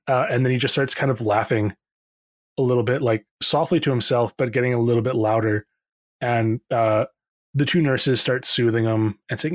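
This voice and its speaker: A man narrating a tabletop game as game master, relaxed and rambling with fillers. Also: medium pitch, normal speed, no room sound.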